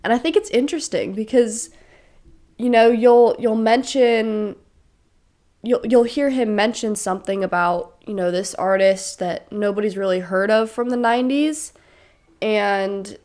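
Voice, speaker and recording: A woman's voice: medium pitch, measured pace, darkish tone. A young woman, slightly sick, hosting her own podcast in an enthusiastic, chatty way full of fillers. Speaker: podcast host. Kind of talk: casual solo podcast chat.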